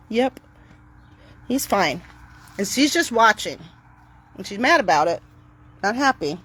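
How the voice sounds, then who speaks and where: A middle-aged woman talking casually to camera outdoors on her property, chatty and upbeat, switching to a bright cheery voice when she greets her dogs. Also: medium pitch, sing-song, unhurried, long pauses, husky. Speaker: dog owner vlogger.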